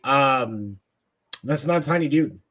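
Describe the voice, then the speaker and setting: A man's voice: mid-range voice, expressive, takes it slowly, fairly bright tone. A man co-hosting a sports podcast, talking bluntly and casually with profanity and jokes. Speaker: podcast co-host.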